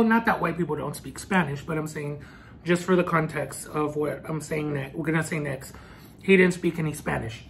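A man vlogging a personal storytime as he eats, earnest and halting, with many restarts. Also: on the high side, fairly bright tone, a little hiss or hum. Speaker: food vlogger. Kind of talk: storytime while eating.

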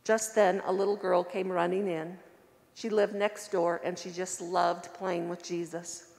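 A woman's voice: fairly low pitch, flat delivery, a little slow, gravelly, darkish tone, big-room sound. A woman reading a children's story aloud in church and then explaining its lesson.

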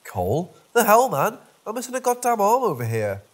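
Guy reading as a cranky hurt young dude in a scary story, snapping and cursing, husky voice with a voice that jumps all over. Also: mid-range voice, wildly swooping pitch, normal speed. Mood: irritated. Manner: irritable, swearing. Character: grumpy injured young man, sharp-tongued.

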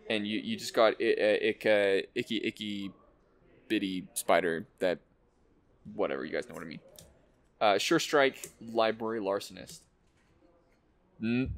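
Excitable man rattling off card names. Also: on the low side, unhurried, long pauses. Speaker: host opening card packs. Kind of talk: casual unboxing commentary.

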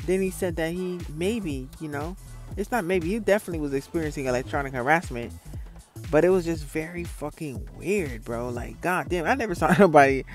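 A man from Florida telling a rambling, profane story in a casual vlog monologue. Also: on the high side. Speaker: vlogger.

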